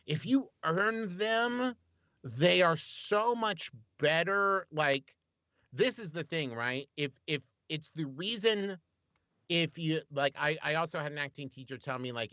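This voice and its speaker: Man, guest, slightly high voice, dry close sound, eager casual chat. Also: sharp tone, dry recording, lo-fi sound. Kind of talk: casual conversation.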